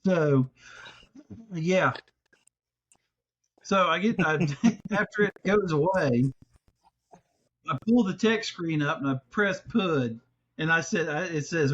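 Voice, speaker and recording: A man hosting a podcast, telling a story in casual, profane chat with loud exasperated outbursts. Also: a little high, expressive, takes it slowly, pauses often. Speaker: podcast host. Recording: slightly dull lo-fi sound.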